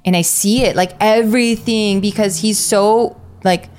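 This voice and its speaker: A woman's voice: medium pitch, fairly even intonation, a little slow, darkish tone. Woman, podcast co-host, casual chat, swears, lots of fillers.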